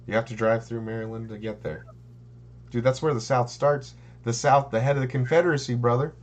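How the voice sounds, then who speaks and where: A man's voice: mid-range voice, fairly even intonation, fairly quick. Rambling man on a podcast. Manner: rambling, full of "like" and "um". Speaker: podcast co-host. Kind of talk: casual chat.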